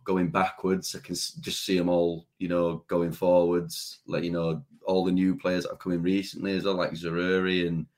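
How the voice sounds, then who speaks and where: Male co-host, very low voice, halting and casual. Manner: hesitant, with many restarts and fillers. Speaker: podcast co-host. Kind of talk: casual football chat.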